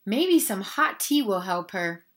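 A woman voicing a cheerful, literal-minded housemaid in a children's storybook read-aloud, bright and innocent. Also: medium pitch, sing-song, a little slow.

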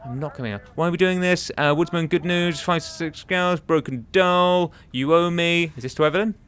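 A man's voice: a little high, moderate pace, fairly bright tone, a little hiss or hum. A young man giving chatty, exasperated commentary while playing a game. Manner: chatty, exasperated, muttering to himself. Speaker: gaming commentator. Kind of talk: casual let's-play commentary.

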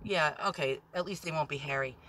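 A woman vlogging on her phone from inside a parked car, rambling anxiously, swearing a lot and talking loudly when nervous. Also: deep voice, fairly quick, slight background noise. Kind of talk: nervous selfie vlog.

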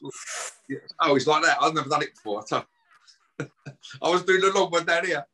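A man's voice: fairly high pitch, normal speed, bright, forceful tone, slightly rough. A middle-aged man, guest on a podcast, ranting aggressively and swearing and taunting as he talks. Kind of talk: heated podcast rant.

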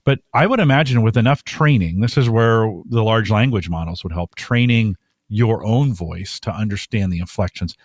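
Low-voiced man musing aloud. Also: normal speed, no echo, clean studio sound. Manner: musing, thinks aloud with restarts. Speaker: podcast co-host. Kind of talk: casual live podcast chat.

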